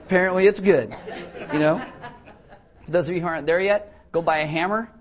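A man's voice: high-pitched, brisk. A man preaching a sermon as pastor of a church, telling blunt stories with jokes. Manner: blunt, joking storyteller. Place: church, before a congregation.

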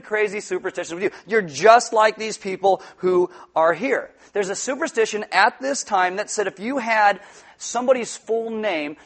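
A man preaching a sermon in an animated, joking manner, acting out quotes. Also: sits high. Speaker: pastor.

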